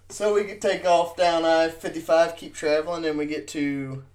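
A man's voice: fairly high pitch, unhurried, pauses often. A man casually telling a rambling, profane road-trip story on a podcast, drunk and stoned, talking into a studio mic. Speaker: podcast co-host.

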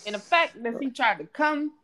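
Woman co-host, casual chat, swears a lot, very lively pitch. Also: moderate pace. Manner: profane, animated ranting. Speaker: podcast co-host.

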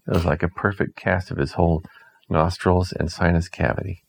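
Low-voiced dad type, playful deadpan storyteller, good for improvised bedtime tales. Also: male voice, a little fast, creaky, slight background noise, rough recording.

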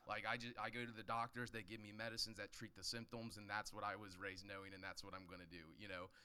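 Bright, smooth-voiced man telling a story. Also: on the low side, level tone, fast. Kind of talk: casual storytelling.

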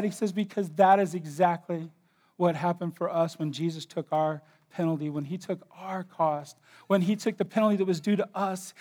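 A man preaching a sermon, telling a story and rising into impassioned emphasis. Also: moderate pace. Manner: storytelling, drops to a hushed low voice for emotional moments. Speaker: pastor.

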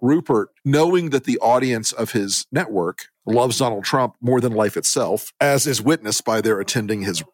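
Middle-aged american guy cohosting a politics podcast, wry and sardonic, average pitch. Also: normal speed, few pauses, no room sound. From United States. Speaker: podcast co-host.

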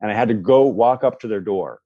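Guy telling a story on a podcast, animated, lots of restarts, dry close sound, kinda dull audio. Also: on the low side, fairly quick, breathy edge, no echo. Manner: animated storyteller, acts out voices, frequent restarts. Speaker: podcast guest. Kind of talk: storytelling in a casual interview.

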